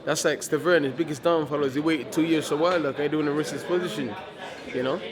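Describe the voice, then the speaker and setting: Brash heavyweight fighter, defiant and repetitive, raised pitch over crowd chatter. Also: male voice, steady tone, brisk. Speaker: professional heavyweight boxer. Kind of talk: casual press interview.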